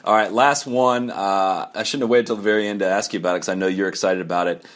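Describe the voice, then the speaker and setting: Male podcast host, low-pitched, relaxed rambling questions. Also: quick pace. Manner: easygoing questioner, loose and rambling. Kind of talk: casual podcast interview.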